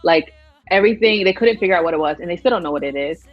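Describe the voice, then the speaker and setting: A young woman singer with deep tones in her voice, telling her story earnestly in a casual interview. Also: fast. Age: young adult. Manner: earnest storytelling, lively quoting. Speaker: singer guest. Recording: dull lo-fi sound with faint music.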